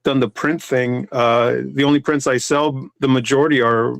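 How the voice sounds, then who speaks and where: A man's voice: mid-range voice, fairly even intonation, moderate pace, gravelly, dry recording. Rambling man in casual chat. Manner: rambling, many restarts and fillers. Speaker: comic artist.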